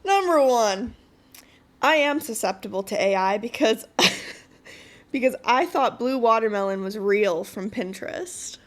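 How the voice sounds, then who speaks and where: Young woman, podcast host, casual solo monologue, chatty, giggly, encouraging, slightly high voice. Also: animated, unhurried.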